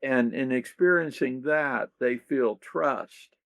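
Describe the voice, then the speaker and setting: A man's voice: mid-range voice, fairly bright tone, no echo. A man, a leadership author talking thoughtfully in an interview and acting out example questions. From United States. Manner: slow, gravelly, thoughtful, acts out quoted questions. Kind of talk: reflective interview talk.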